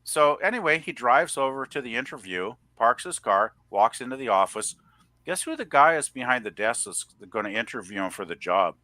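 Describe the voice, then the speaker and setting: Bright-voiced rambling storyteller, a man. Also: mid-range voice, animated, normal speed, no echo. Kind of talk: casual storytelling chat.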